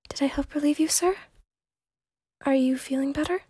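Breathy and intimate, a woman whispers her pleas as an eager young secretary devoted to her boss in a role-play. Her pitch is high and her pace slow, and the mic sits close in a dry space with no room sound at all.

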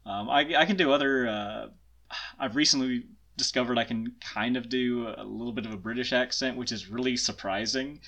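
A man's voice: medium pitch, moderate pace, bright, forceful tone. A man with a Southern US accent, chatting as a guest in a casual interview, self-deprecating and laughing often.

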